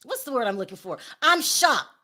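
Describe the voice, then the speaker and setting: High, lively woman gossip host. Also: fairly quick. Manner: opinionated, laughing often, talks to chat viewers. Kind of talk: celebrity gossip livestream commentary.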